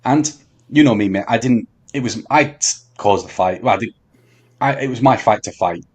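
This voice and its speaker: A man telling a long story on a podcast, halting with many ums and restarts. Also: medium pitch, husky. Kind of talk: casual storytelling chat.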